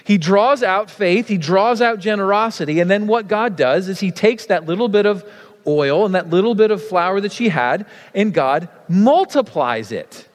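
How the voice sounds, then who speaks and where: A male pastor preaching a sermon in a casual, animated way, full of fillers. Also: high voice, moderate pace, big-room sound.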